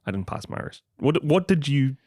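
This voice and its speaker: A man's voice: on the high side, big pitch swings, moderate pace, mellow, no room sound, clean studio sound. A young man with a New Zealand accent co-hosting a podcast, bantering and teasing his co-host. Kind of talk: casual chat.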